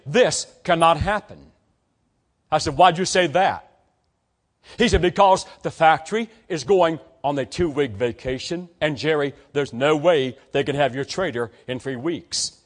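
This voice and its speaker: Older male preacher telling a story. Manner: storytelling, acts out dialogue, rises to emphatic peaks then drops low. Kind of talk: sermon to students.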